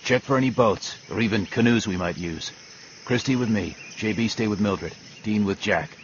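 A man's voice: fairly low pitch, moderate pace, muffled recording, a little hiss or hum, natural voice. Man voicing a terse, commanding male leader. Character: gruff adult male group leader.

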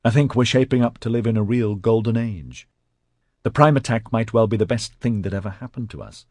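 A man's voice: lowish voice, expressive, a little fast, a little mellow, dry recording, studio quality. A man voicing an eager, earnest young husband and father in an audiobook. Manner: enthusiastic, earnest.

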